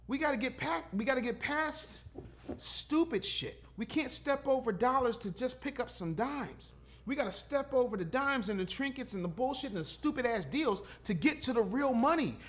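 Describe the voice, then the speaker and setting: With a very high, slightly bright voice, a fifty-something entrepreneur holds forth as a podcast guest. The conversation is casual, but his manner is blunt, emphatic and profane, delivered with a preaching cadence.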